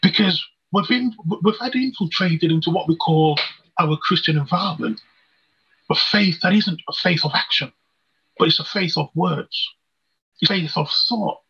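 A preacher with a husky, somewhat high voice, working rhetorical questions into an earnest personal testimony. The recording is dull and lo-fi. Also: male voice, moderate pace.

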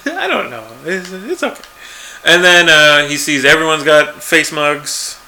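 Recapping a TV episode as a podcast co-host, this man keeps things casual, chuckling easily and performing the lines he quotes. His voice sits fairly high and sounds animated, bright and forceful, with a slightly slow delivery.

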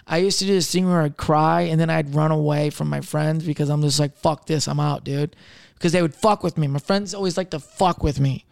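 A man's voice: a little high, fairly even intonation, a little fast, vocal fry, few pauses, smooth, dry recording, clean studio sound. A young man in casual podcast chat, rambling with lots of fillers and swearing as he tells personal stories. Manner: rambling, profane, filler-heavy.

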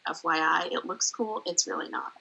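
Husky, bright young woman. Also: fairly low pitch, normal speed, low-quality recording. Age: young adult. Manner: candid storyteller, swears casually. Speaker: guest. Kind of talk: casual chat.

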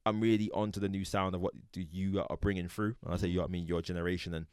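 Laughing South London man with a low voice. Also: quick pace, smooth, no room sound, studio quality. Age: middle-aged. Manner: laughs often, slangy, animated storytelling. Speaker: interviewer. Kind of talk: casual chat interview.

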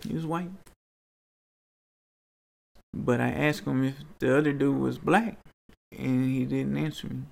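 A man's voice: medium pitch, measured pace, creaky, pauses often. A man being interviewed, telling personal stories in an earnest, rambling way that turns to pleading.

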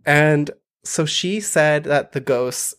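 A podcast co-host in casual chat, animated and laughing, with "like" in nearly every sentence. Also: medium pitch, slow, slight background noise. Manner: animated, laughing, heavy use of "like".

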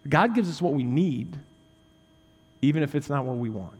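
A man's voice: expressive, moderate pace, husky, big-room sound. Man preaching with big dynamic swings. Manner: conversational preaching with frequent "right?" asides and humor; swings between intense raised emphasis and quiet low-voiced stress. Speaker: pastor. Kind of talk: sermon.

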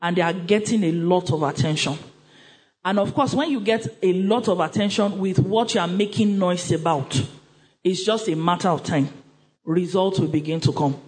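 A woman's voice: on the low side, moderate pace, darkish tone, low-quality recording. A woman with a Nigerian accent presenting a book review at church in a conversational, emphatic way, often repeating herself and voicing little quoted asides.

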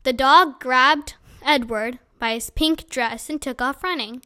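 A woman reading a children's chapter book aloud in a clear, expressive storytelling manner. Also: high-pitched, unhurried, hardly any pauses.

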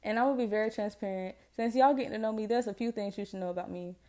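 Southern US woman, 20s, podcast host; mellow tone, rambling, slangy solo chat. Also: mid-range voice, fast talker. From Jacksonville, Florida, US. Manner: chatty, rambling, self-deprecating, slangy.

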